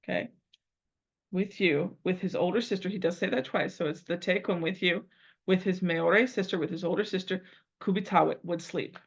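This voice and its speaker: A woman's voice: on the low side, normal speed, creaky, husky. Woman teacher thinking aloud on dull audio. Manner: thinks aloud, repeats phrases while working out a translation. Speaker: Latin teacher. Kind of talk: live translation lesson. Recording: dull lo-fi recording.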